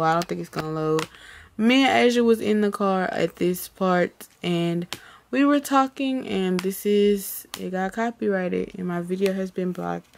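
A woman's voice: mid-range voice, vocal fry, slight background noise. A young woman talking casually to her vlog audience in slangy speech, packing nearly every phrase with "like" and "bro.". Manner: exasperated, venting. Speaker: vlogger.

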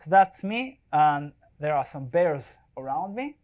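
A man's voice: a little high, very animated, a little slow, narrow, tinny audio. Male presenter, photographer at a live event, casual and jokey, keeps asking the room if they follow. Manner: chatty, jokey, checks in with the audience. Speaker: wildlife photographer giving a talk. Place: event space before a live audience.

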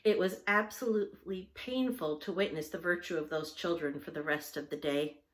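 A woman reading a children's novel aloud in a patient, teacherly way, pausing to spell out hard words. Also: fairly low pitch. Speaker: reader. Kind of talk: storybook read-aloud with spelling breaks.

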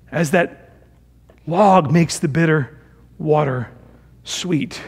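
A male pastor preaching a sermon, swinging dramatically between loud emphasis and hushed, low phrases, and acting out people's complaints in a casual voice. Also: gravelly, husky. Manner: acts out the Israelites' complaints in a casual voice.

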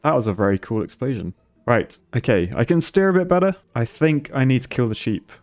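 A man's voice: mid-range voice, animated, brisk, darkish tone, faint music behind. A man commentating his gameplay on a stream, thinking aloud and laughing often.

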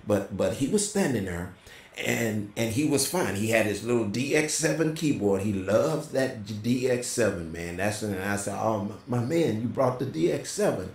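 A middle-aged man telling a personal testimony in a casual, animated way, as a co-host. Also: moderate pace. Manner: animated storyteller, voice jumps high when quoting. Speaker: prophet and co-host. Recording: roomy echo.

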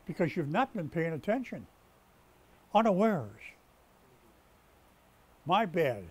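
A man preaching a sermon as pastor, stressing words as he builds up and often restarting his sentences mid-thought. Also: sits high. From United States. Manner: preaching with rising emphasis and repeated words. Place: rescue mission chapel.

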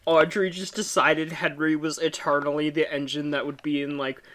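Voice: mid-range voice, level tone, normal speed, fairly bright tone. A podcast co-host rambling casually about a children's book, giggly and sweary. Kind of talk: casual book club chat.

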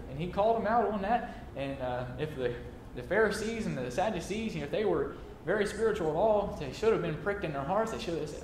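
A man's voice: high-pitched, animated, brisk, few pauses, a little hiss or hum. A man preaching a sermon in a folksy, chuckling way, with many fillers and restarts. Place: church sanctuary. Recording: echoey church room.

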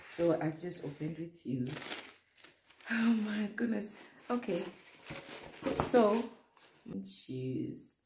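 Gushing young woman, slow and gravelly. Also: medium pitch. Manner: gushing, excited, talks straight to viewers. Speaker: vlogger. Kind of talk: casual unboxing vlog. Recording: echoey room with faint noise.

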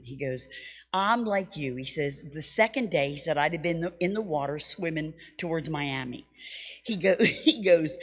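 A middle-aged woman teaching at a Bible school, telling a personal story in a lively, self-mocking sermon style. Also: mid-range voice, moderate pace, breathy edge. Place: church hall. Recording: long hall reverb.

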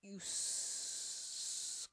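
A woman's voice: very slow, pushed and bright, dry recording. A woman giving rambling, profane let's play commentary while she plays, trash-talking the game between chatty asides. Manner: rambling, profane, many fillers. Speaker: gaming channel host.

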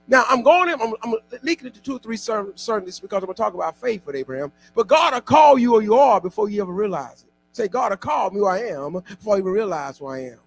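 Pastor, male, very high and gravelly, lively call-and-response preaching in church. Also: a little hiss or hum. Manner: exhorting call-and-response preaching, often shouting. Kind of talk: sermon.

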